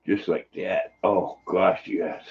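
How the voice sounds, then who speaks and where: A man's voice: low-pitched, fairly even intonation, slow, gravelly, slightly rough. An older man, casually chatting on a livestream and reading out viewer comments in a folksy, rambling way. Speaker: livestream host. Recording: dull lo-fi recording.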